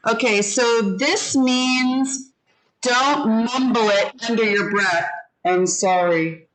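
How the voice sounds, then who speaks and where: Slow, patient woman teaching vocabulary. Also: a little high, a crowd in the background, low-quality recording. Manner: slow, patient, leads the class in repeating words. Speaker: ESL teacher. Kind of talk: online vocabulary lesson.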